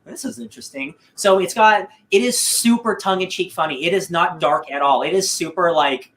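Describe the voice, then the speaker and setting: A man chatting casually on a podcast, his voice sitting a little on the high side. He rambles along upbeat, circling back with fillers and restarts as he talks. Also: moderate pace, a bit bright. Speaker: podcast co-host.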